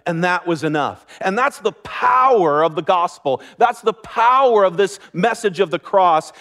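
A man's voice: high-pitched, lively intonation, normal speed, few pauses, a bit bright. A man preaching a sermon as pastor, earnest and conversational, with light laughter.

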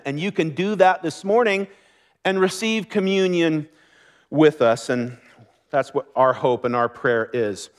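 A man's voice: fairly high pitch, unhurried. A man preaching a sermon as pastor, earnest and conversational, with light laughter.

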